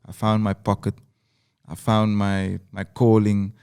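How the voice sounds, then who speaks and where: Man, Cape Town accent, low mellow voice, earnest storytelling, repeats phrases for weight. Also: level tone, measured pace, gravelly, clean tone. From South Africa. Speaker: rapper guest. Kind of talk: reflective interview talk.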